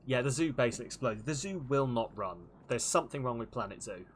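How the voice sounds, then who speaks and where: A man's voice: mid-range voice, expressive, fast, a little hiss or hum. A man streaming a game, chatting playfully and laughing often. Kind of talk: casual game-stream chat.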